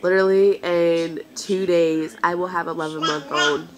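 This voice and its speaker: A woman's voice: on the low side, fairly even intonation, moderate pace, crowd noise, low-quality recording. A woman in her twenties rambling to camera as a vlogger, venting with many hesitations and sounding close to tears. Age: 20s. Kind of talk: casual chat to camera.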